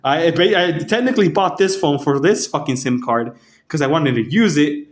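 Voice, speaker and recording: A man's voice: on the high side, lively intonation. A man casually telling a rambling story to camera, swearing often and restarting his sentences. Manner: rambling, profane, halting restarts. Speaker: vlogger.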